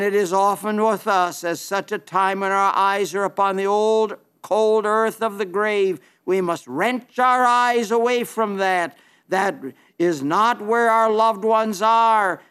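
High-voiced earnest male preacher. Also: a bit bright, clear, resonant tone. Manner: earnest, pleading, with slow drawn-out emphases. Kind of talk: sermon.

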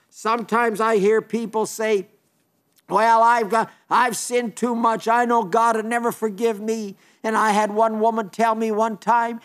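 High-voiced earnest older male preacher. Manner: earnest, emphatic preaching with slowed, stressed phrases. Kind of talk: sermon.

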